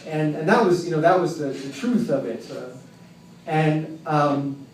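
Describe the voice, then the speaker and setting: A man telling a personal story live at an open mic in a tavern, with a wry, self-mocking, halting delivery. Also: fairly high pitch, darkish tone. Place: tavern with an audience. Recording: roomy, distant, faint background noise.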